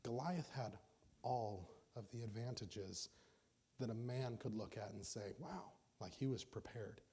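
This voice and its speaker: Male preacher, husky mellow voice, relaxed storytelling sermon with restarts. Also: on the low side, measured pace.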